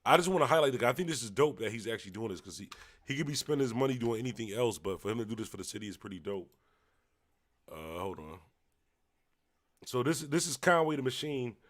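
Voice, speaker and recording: A man's voice: medium pitch, expressive, fast talker. A man hosting his own livestream, chatting casually to viewers as y'all and muttering to himself while he searches his screen. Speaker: livestream host.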